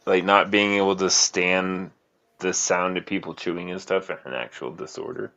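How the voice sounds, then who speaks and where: A man's voice: deep voice, steady tone, moderate pace, sharp tone, muffled recording. A man joking around on a live stream, laughing often as he banters. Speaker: co-host on a live show.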